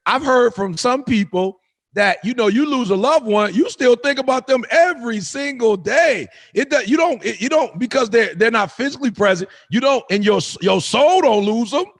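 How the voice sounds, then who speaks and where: A man's voice: very high voice, expressive, normal speed. A middle-aged man giving an impassioned motivational talk, repeating phrases for emphasis in a preaching cadence. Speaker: motivational speaker.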